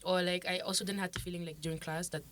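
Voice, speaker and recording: A young woman, a summer program student, telling stories loudly and with animation in a casual discussion. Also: lowish voice, quick pace, slight background noise. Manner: loud, animated storytelling.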